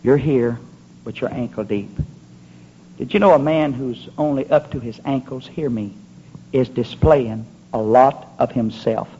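A man preaching a fervent, rhythmic sermon at a church service, often building up to shouts. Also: mid-range voice, unhurried, slightly rough. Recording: muffled lo-fi recording.

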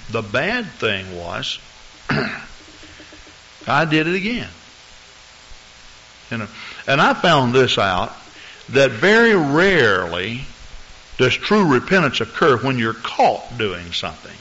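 A man preaching a sermon as pastor, telling stories in an animated way and acting out the people in them. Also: medium pitch, a little hiss or hum. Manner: animated storytelling preacher, acts out voices. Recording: muffled lo-fi recording.

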